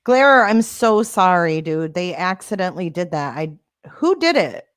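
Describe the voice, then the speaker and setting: Sarcastic woman, lively low voice. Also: measured pace, no room sound, clean studio sound. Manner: sarcastic, defensive. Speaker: livestream host. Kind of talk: casual livestream chat reading comments.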